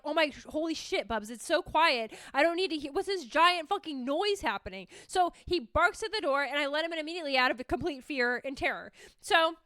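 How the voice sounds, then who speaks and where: A woman's voice: high voice, bright, forceful tone, dry recording, clean studio sound. A woman hosting a casual solo podcast, telling rambling comic stories and swearing freely. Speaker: podcast host.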